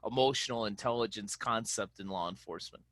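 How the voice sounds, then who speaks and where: A man's voice: lowish voice, brisk, a bit bright, dry recording. A man with a Chicago accent hosting a radio talk show, candid and self-deprecating, laughing as he talks. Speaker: podcast host. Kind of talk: casual interview chat and read sponsor ad.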